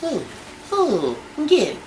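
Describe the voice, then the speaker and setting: A man's voice: extremely high pitch, very slow, a little hiss or hum, full character voice. A man playing a broke, pleading Nigerian boyfriend. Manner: pleading pidgin, excitable.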